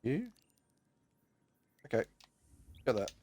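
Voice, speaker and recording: A man's voice: mid-range voice, huge pitch swings, slow pace, a little mellow, dry recording. A young man chatting casually and joking with his viewers while streaming a game. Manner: chatty, joking, talks to chat. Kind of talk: casual gameplay chat.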